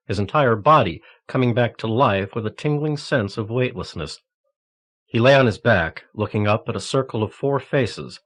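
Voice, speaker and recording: A man reading a thriller novel aloud in a steady, measured narration. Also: lowish voice. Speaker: audiobook narrator. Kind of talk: scripted narration. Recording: cassette audiobook transfer.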